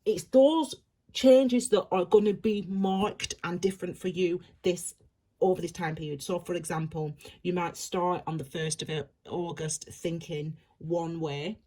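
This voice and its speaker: A woman's voice: fairly low pitch, fairly even intonation, measured pace, dark tone. A woman giving an intuitive tarot reading, talking in a reflective, rambling way with many restarts. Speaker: tarot reader.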